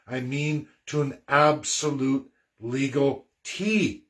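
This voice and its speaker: A man's voice: medium pitch, takes it slowly. A man giving an emphatic political rant to camera, often repeating his phrases. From Canada. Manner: emphatic and repetitive, doubling phrases.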